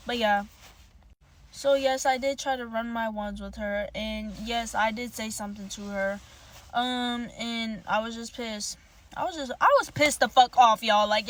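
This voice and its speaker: A woman's voice: mid-range voice, a bit bright. A young woman telling a storytime monologue, heated, profane and rambling.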